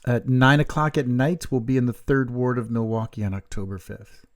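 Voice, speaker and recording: A man's voice: medium pitch, fairly even intonation, moderate pace. Playful man in his fifties. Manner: playful, teasing, breaks into silly voices and laughs. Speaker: podcast co-host. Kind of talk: casual chat.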